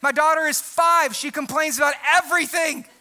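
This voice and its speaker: A young adult man, a pastor, preaching a sermon in a loud, emphatic voice that breaks into shouting. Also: very high voice, moderate pace.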